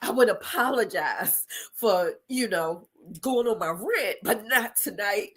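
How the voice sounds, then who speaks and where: Tearful but defiant, the middle-aged host of an inspirational show preaches an emotional monologue, circling back to the same phrases. She speaks slowly at a medium pitch, expressive and a little breathy.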